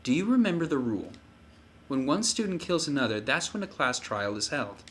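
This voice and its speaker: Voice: medium pitch, big pitch swings, a little fast. A let's play host reading game dialogue aloud, with jokey asides between lines.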